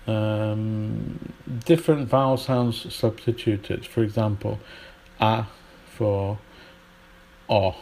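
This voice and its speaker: A British man teaching English pronunciation in a podcast lesson, repeating example words aloud slowly with pauses. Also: on the low side, steady tone, darkish tone, slight background noise. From United Kingdom.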